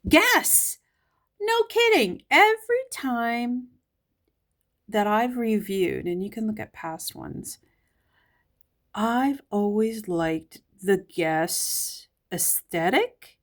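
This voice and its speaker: A woman's voice: mid-range voice, drawn-out words, a little mellow. A woman with a Southern US accent, casually flipping through a magazine and giving a musing commentary as she thinks aloud. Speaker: magazine reviewer.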